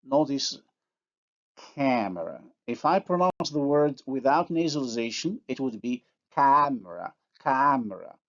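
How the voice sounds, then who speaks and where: A man delivers a recorded linguistics lecture slowly and deliberately, carefully sounding out each example word. His voice is mid-range with lively intonation, and the recording is dull and lo-fi.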